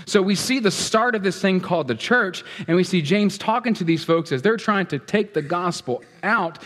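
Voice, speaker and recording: Upbeat pastor in an echoey hall. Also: male voice, fairly high pitch. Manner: conversational, playful, addresses congregation directly. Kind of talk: sermon. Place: church sanctuary.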